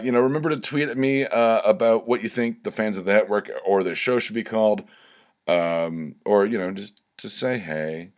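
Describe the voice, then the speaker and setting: A man's voice: lowish voice, a little mellow. Worked-up rambling man podcasting solo. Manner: rambling, worked up, swearing, stammering restarts. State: slightly tipsy from drinking shots. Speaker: podcast host. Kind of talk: casual solo podcast monologue.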